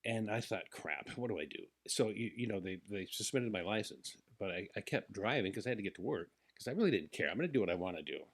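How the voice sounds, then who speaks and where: A man telling a long personal story in casual talk, animated and acting out the people in it. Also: on the low side, fast talker, hardly any pauses, breathy edge. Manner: animated, acts out the people in his stories.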